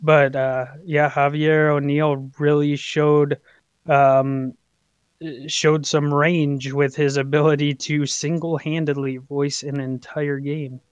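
A man co-hosting a gaming podcast, reading out award results in an easygoing, measured way. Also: a little high, level tone, clear, resonant tone, dry recording. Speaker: podcast co-host. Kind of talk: casual chat, mock award-show announcing. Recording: slightly dull, dry podcast audio.

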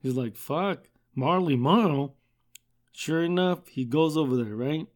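A man's voice: on the high side, slow pace. A man hosting a podcast, telling a story in a loose, rambling way, full of fillers and swearing. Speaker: podcast host. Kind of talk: casual storytelling.

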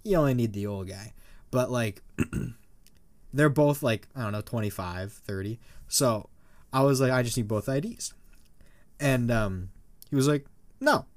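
A man's voice: mid-range voice, unhurried, pauses often. A young man co-hosting a podcast, telling a rambling story full of fillers. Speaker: podcast co-host. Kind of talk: casual chat.

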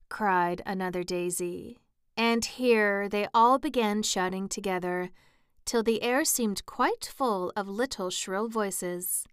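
A woman narrating a storybook at an unhurried pace. Her voice is smooth and close, with a dry sound and no room around it. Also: mid-range voice, fairly even intonation, dry recording. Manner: measured and clear. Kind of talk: audiobook narration.

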